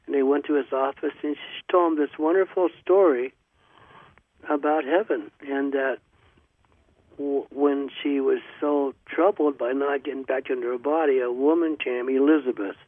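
A man's voice: medium pitch, fairly even intonation, dry recording. Man telling a story over a tinny line. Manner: rambling, halting with many ums and restarts. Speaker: radio show host. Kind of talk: casual storytelling monologue. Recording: dry, tinny phone-like radio sound.

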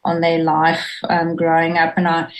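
A middle-aged woman with a South African accent, speaking as a radio interview guest. Her voice sits a little low, and she talks in an earnest, reflective way, full of restarts and fillers. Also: monotone, normal speed, dull audio.

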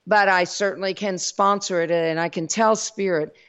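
A woman's voice: lowish voice, fairly even intonation, normal speed, fairly bright tone, clean tone. A woman with a Southern US accent hosting a spiritual teaching talk, folksy and calling her listeners y'all. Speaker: host. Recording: dull lo-fi recording.

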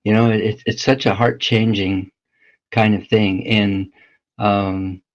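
Man, lowish voice, hesitant reflective talker, dull lo-fi audio. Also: little pitch movement. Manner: hesitant, halting, many fillers. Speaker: home church leader. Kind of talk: reflective casual talk.

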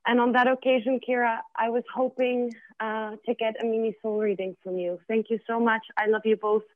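A woman caller on a radio show, speaking emotionally and gratefully, with hesitant pauses. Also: fairly high pitch, little pitch movement, no room sound. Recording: tinny phone line.

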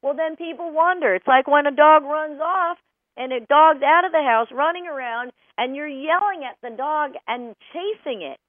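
A woman dog trainer hosting a radio talk show, bubbly and animated, laughing often. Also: sits high, normal speed, no echo. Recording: tinny phone-like line, dry.

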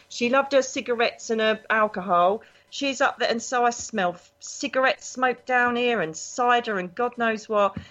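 A woman, a psychic guest telling stories in a chatty, animated way. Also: fairly high pitch. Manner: animated, chatty, acts out voices in her anecdotes. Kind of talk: casual storytelling interview. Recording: dull lo-fi recording.

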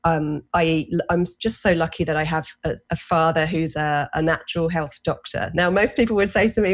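A woman in her forties with an English accent, telling her own story as a guest in a casual interview, animated and self-deprecating. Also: deep voice, brisk, hardly any pauses. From England. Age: 40s. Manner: animated, self-deprecating, lots of fillers and restarts.

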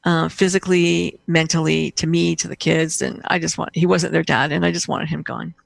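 A woman's voice: sits low, little pitch movement, moderate pace, creaky, no echo. A middle-aged woman, a guest in conversation, telling a personal story in a rambling way with many restarts and fillers.

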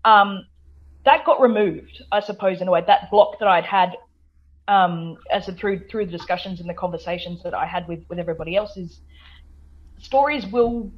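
A woman's voice: fairly low pitch, moderate pace, muffled recording. Chatty Australian woman, laughs often. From South Australia. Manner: chatty, laughs often, many restarts and fillers. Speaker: guest author. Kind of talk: radio interview.

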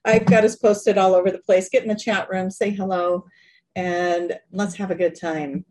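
A woman's voice: mid-range voice, flat delivery, normal speed, a little mellow, rough recording. A woman co-hosting a casual online show from her bedroom, chatty and laughing, often sidetracked by tech trouble. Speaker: co-host. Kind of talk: casual video-call chat.

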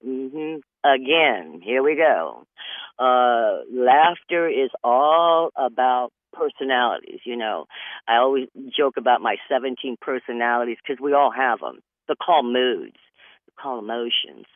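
A man's voice: medium pitch, no echo. Older man rambling through wry comic asides. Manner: meandering, wry asides, repeats "I'm just saying". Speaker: comedian. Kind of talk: rambling stand-up monologue. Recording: dry, tinny phone-like radio audio.

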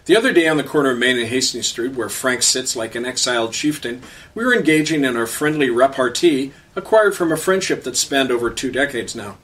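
A man's voice: mid-range voice, expressive, fairly quick, a bit bright, far from the mic. Sarcastic, polemical male show host. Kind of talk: radio commentary and storytelling.

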